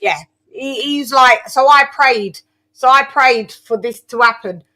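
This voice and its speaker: A woman hosts a casual boxing chat with a bright, ringing voice pitched a little high. She talks in an animated, playfully over-the-top way, tripping over her words and restarting often. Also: a little slow, a little hiss or hum. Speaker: boxing show host.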